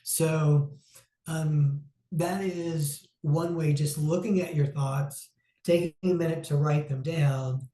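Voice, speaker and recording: A man giving an informal, reflective talk on mental health, conversational and pausing with frequent "um"s. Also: on the high side, fairly even intonation, mellow. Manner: reflective, conversational, acts out inner self-talk; frequent "um" pauses. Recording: roomy echo.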